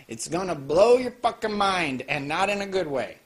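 A man giving a casual, joking film review, full of swearing and quick asides. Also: high-pitched, sing-song. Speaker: anime reviewer. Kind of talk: casual profane video review.

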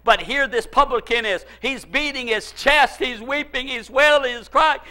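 A male pastor delivers a fervent sermon at a normal speed with few pauses. He drops into low asides, then shouts pleas, chuckling between lines.

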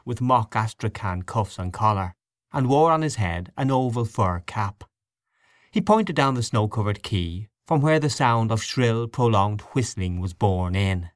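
A man narrating an audiobook in a measured storybook reading. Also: fairly low pitch, no room sound, studio quality. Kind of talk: scripted narration.

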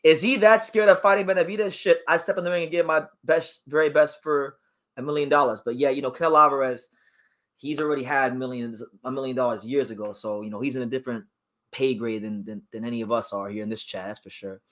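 A man's voice: mid-range voice, fairly even intonation, fast, a bit bright. A man hosting a casual boxing livestream, reading viewer comments aloud and giving his opinions on fighters. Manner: chatty, reads viewer comments aloud and reacts. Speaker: boxing channel host.

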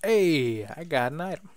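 A man's voice: a little high, animated, slow, darkish tone, no room sound. Playful man narrating his gameplay. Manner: casual, playful, mutters to himself. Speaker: gaming YouTuber. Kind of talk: let's play commentary.

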